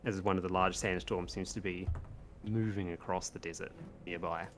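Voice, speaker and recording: Low-voiced man running a tabletop game. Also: fairly even intonation, normal speed, fairly bright tone, slight background noise. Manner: descriptive, playful with players. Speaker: game master.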